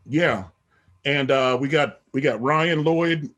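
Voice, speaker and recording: A man's voice: mid-range voice, slow, a bit bright. A middle-aged man, a podcast guest, talking in a rambling casual way with many "you know what I mean" asides. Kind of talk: casual interview talk.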